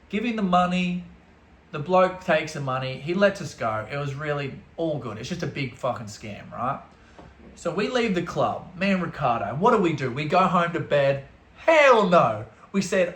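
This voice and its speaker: A young Australian man telling a story in a casual, comedic way. His delivery is animated and crude, with frequent laughter. His voice sits fairly high and has a roomy echo. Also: moderate pace. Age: young adult.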